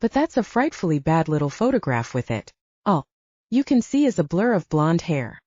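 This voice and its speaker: Brief: a brisk, opinionated young woman for an audiobook read by a woman, lively pitch, mellow and muffled. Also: breathy edge, no room sound, heavily acted. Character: outspoken young woman journalism intern.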